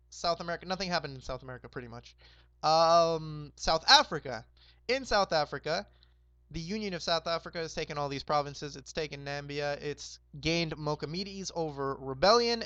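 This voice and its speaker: A hoarse young man hosting a roleplay game, casually recapping the map in a rambling, laid-back way with lots of fillers. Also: on the high side, fairly bright tone, no room sound, dull audio. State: hoarse, sore throat.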